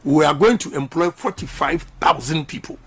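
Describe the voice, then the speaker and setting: A man's voice: on the high side, normal speed, a bit bright, husky. A middle-aged man with a Ghanaian accent giving an impassioned radio interview as a politician, emphatic and repeating slogans. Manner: emphatic, repeats slogans, mixes English and Twi. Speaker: politician guest.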